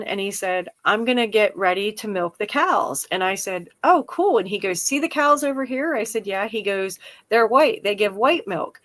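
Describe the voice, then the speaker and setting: A woman co-hosting a casual podcast chat, telling family stories in an animated way and acting out the voices of the people she quotes. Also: medium pitch. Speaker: podcast co-host.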